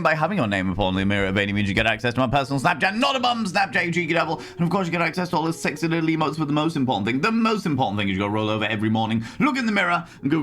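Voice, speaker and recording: A man's voice: fairly high pitch, big pitch swings, racing, few pauses, a bit bright, soft background music. A man chatting playfully and casually with his chat during a live stream, tossing out teasing greetings. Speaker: game streamer.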